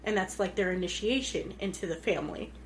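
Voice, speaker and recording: A woman co-hosting a podcast, chatting casually as she retells a movie's plot. She talks loosely, with plenty of "like"s and quick asides. Her voice sits at an ordinary pitch, with a faint noise underneath. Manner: chatty, retells scenes with many "like"s. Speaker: podcast co-host. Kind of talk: casual chat.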